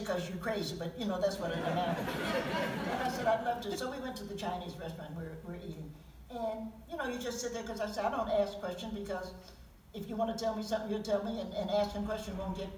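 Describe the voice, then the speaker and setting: A woman's voice: medium pitch, a little hiss or hum. A woman in her seventies, a poet telling stories and reading poems to an audience, candid, with chuckling asides. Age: 70s. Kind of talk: storytelling talk with poetry reading. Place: auditorium at a public event. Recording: roomy sound from a distant mic.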